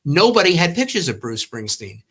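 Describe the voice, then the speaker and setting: With a sing-song, slightly rough voice on the high side, this older man talks at a moderate pace. Originally from Long Island, New York, he once owned a magazine, and he rambles through long, warm anecdotes in casual talk, acting out the quotes.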